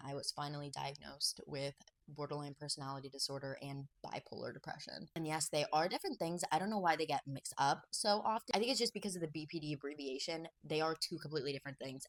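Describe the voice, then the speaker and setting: A woman giving personal commentary to camera, speaking slowly and haltingly, soft and emotional. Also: deep voice. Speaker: video essay creator.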